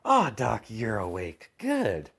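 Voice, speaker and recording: A man's voice: lowish voice, wildly swooping pitch, takes it slowly, fairly bright tone, husky, heavily acted. A man voicing a smug, theatrical young male antihero with gleeful, mock-polite menace.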